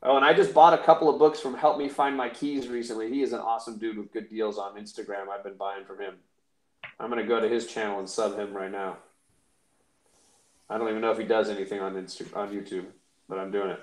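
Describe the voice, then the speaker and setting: A man's voice: lowish voice, steady tone, fast. A man co-hosting a live comic auction, chatting in a joking, rambling, self-deprecating way. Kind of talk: casual live-stream chat. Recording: roomy echo.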